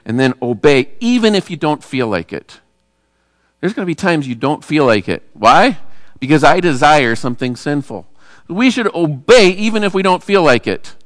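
A man, a pastor, preaching a sermon in a relaxed, conversational way and asking the congregation rhetorical questions. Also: mid-range voice, no room sound, studio quality, long reverb tail.

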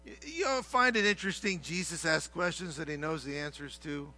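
A middle-aged man preaching a sermon, swinging from hushed, low passages to shouted, heated ones. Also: fairly quick. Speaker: pastor.

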